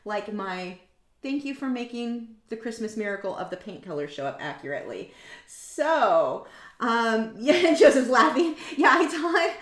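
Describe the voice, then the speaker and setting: Chatty woman painting live, roomy sound. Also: on the high side. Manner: rambling, tangent-prone, self-mocking. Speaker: artist hosting a painting livestream. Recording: roomy echo.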